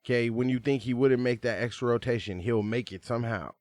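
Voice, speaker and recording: A man co-hosting a sports podcast, chatting casually in an excitable, slangy way with big swings in his voice. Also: mid-range voice, a little fast, no echo. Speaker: podcast co-host.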